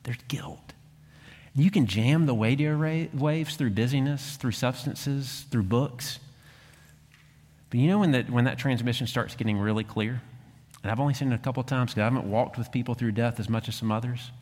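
A man's voice: mid-range voice, normal speed. Man preaching in a reverberant hall. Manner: earnest preaching that swings from hushed to emphatic. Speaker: pastor. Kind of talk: sermon.

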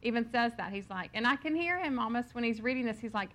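A woman's voice: on the high side, expressive, quick pace, a bit bright. A woman leading a Bible study who reads scripture aloud, then teaches in a chatty, personal way, with frequent ums and laughing at her own stories.

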